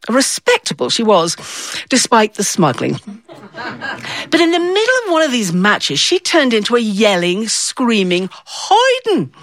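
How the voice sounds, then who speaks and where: Lively expressive woman storyteller. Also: medium pitch, no echo. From north of England. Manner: expressive, playful, dramatic voices for quotes. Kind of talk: personal storytelling performance.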